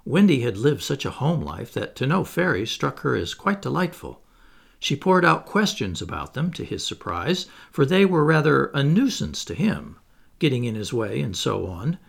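A man reading a classic children's novel aloud in an expressive storytelling manner. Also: mid-range voice, normal speed, creaky, breathy edge. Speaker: audiobook reader. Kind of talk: storybook narration.

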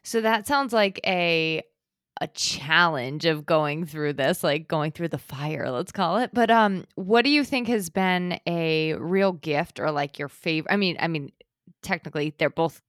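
A woman's voice: low voice, measured pace, a bit bright, no echo, clean studio sound. A woman hosting an interview, upbeat and encouraging, laughing often between questions. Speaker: podcast host. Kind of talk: casual interview.

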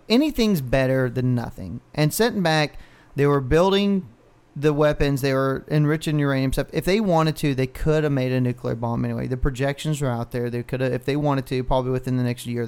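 A man's voice: medium pitch, gravelly, smooth. A man co-hosting a podcast, ranting in casual, profane chat. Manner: ranting, heavy swearing. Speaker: podcast co-host.

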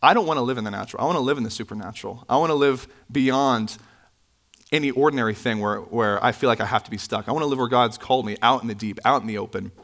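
A man preaching a sermon in a church, conversational with asides and self-corrections, his pitch jumping up when he stresses a point. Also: quick pace. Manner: animated, pitch swinging up for emphasis. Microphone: microphone, sometimes bumped.

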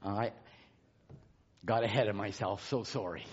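A man preaching a sermon in drawn-out emphatic phrases, rising to shouts and dropping to hushed asides. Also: on the low side, breathy edge. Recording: dull lo-fi sermon recording.

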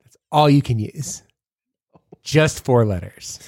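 A man's voice: mid-range voice, animated, slow, darkish tone, dry recording, clean studio sound. A man co-hosting a podcast in casual, playful, teasing chat. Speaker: podcast co-host.

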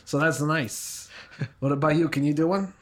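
A man's voice: a little high, moderate pace, fairly bright tone, lightly acted. A man playing a pushy, odd woman contestant in an improvised dating-show sketch, cheeky and rambling. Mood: teasing.

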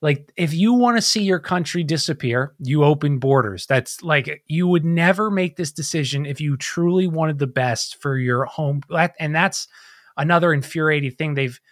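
A man's voice: on the high side, moderate pace, dry recording, clean studio sound. A man co-hosting a casual political chat, sounding frustrated and emphatic, often restarting sentences. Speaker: podcast co-host.

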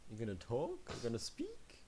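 A man's voice: mid-range voice, wildly swooping pitch, very noisy. A young man co-hosting a podcast in casual chat, teasing his friend dryly. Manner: slow, dry teasing. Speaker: podcast co-host.

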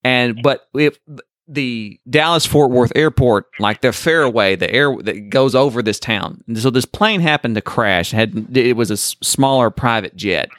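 A man co-hosting a podcast, telling a story in an animated, laughing way, chatting casually with callers. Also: mid-range voice, moderate pace, dry recording, studio quality. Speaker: podcast co-host.

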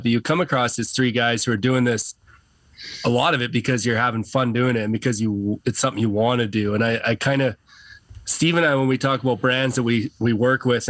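A man's voice: mid-range voice, fairly bright tone, dry recording. A man hosting a podcast who asks thoughtful questions in long, winding sentences. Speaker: podcast host. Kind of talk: casual podcast interview.

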